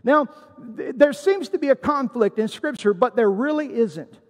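Male pastor, very high voice, emphatic sermon delivery, long hall reverb. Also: lively intonation, normal speed. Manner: emphatic preaching with scripture quotes.

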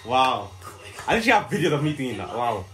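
A man co-hosting a casual group reaction to an anime, excitable and joking, with loud outbursts. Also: mid-range voice, brisk. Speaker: reaction channel co-host.

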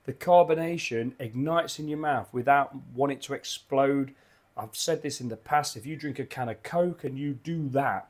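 A man's voice: medium pitch, moderate pace, darkish tone. An enthusiastic man, rambling casually through a beer review at his home bar, often repeating his words.

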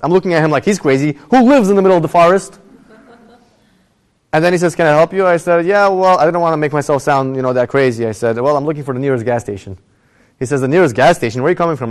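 A young adult man telling a personal story in a Torah class, his voice rising as the story gets tense. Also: medium pitch. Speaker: rabbi giving a Torah class. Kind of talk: storytelling lecture.

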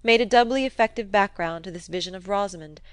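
Female audiobook narrator, measured literary reading, dry booth. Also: mid-range voice, clear, resonant tone, dry recording. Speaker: audiobook reader. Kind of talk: scripted narration.

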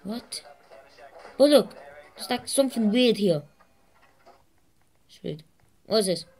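A woman hosting a gaming channel, giving excitable let's-play commentary, swearing constantly and laughing at herself. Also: mid-range voice, slow.

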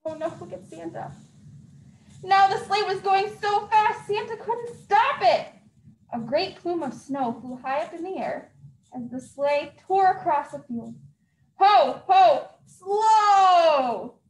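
A woman librarian reading a story aloud at a children's story time, very expressive and acting out sound effects. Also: very high-pitched, a little slow, slight background noise. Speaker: youth services librarian. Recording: echoey room.

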